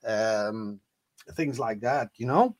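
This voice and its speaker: A man's voice: lowish voice, slow pace. A man from the Netherlands, a native Dutch speaker, chatting as a guest DJ in an interview. He talks hesitantly, restarts often and laughs easily. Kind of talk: casual interview chat.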